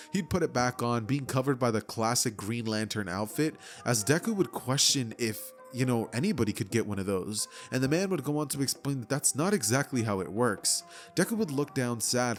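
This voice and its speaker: Chatty man narrating a fan story. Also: medium pitch. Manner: loose, chatty, fillers like you know.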